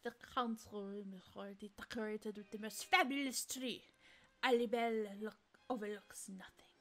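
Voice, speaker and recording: A woman voicing a haughty, condescending male bird who acts as a student council president, in a hushed, breathy voice and a pompous, formal manner. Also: medium pitch, fairly even intonation, moderate pace, close to an everyday voice.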